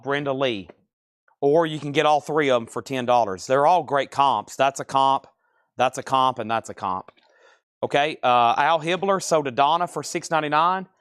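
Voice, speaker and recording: A man's voice: mid-range voice, fairly bright tone, clear, resonant tone, dry recording, studio quality. A man hosting a live record sale, chatting casually and thinking aloud as he sorts and prices albums. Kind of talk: casual live sales patter.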